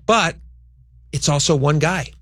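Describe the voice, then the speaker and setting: A man's voice: a little high, a little slow, fairly bright tone, slightly rough, dry recording, studio quality. A man hosting a radio talk show, chatting casually with his cohost in a rambling way.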